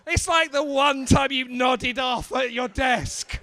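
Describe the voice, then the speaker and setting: A man working as the MC at a stand-up comedy night, bantering loudly with the crowd and mocking himself. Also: extremely high pitch, slow pace, hardly any pauses, dry recording. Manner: loud, swearing, self-mocking banter. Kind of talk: crowd work between acts. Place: comedy club.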